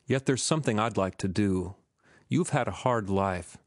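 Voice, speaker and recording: A man reading the part of a young former sailor who speaks gently and firmly, in measured audiobook dialogue. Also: on the low side, no room sound, studio quality, close to an everyday voice. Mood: gentle.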